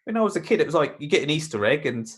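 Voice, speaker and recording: A man's voice: fairly high pitch, very fast. A man moaning in casual podcast chat, acting out quotes as he tells stories. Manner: moaning, animated storytelling with acted-out quotes. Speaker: podcast co-host.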